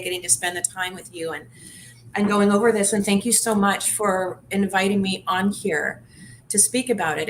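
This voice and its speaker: A woman with a slightly low voice tells a painful personal story as a guest on a live show. She speaks haltingly, often pausing to search for words. A faint room ambience runs under her. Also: a bit bright, a little hiss or hum, low-quality recording. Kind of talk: personal testimony.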